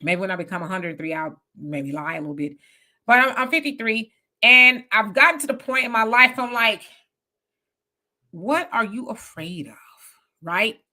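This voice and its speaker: Blunt, animated woman in her fifties. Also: fairly high pitch, brisk. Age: 50s. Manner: blunt, animated, acts out quoted voices. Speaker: panel guest. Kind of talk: casual chat.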